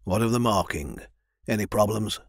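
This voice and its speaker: A man voicing an aloof, authoritative noble lord who speaks in a measured way. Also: on the low side, lively intonation, dry recording, studio quality. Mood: lordly.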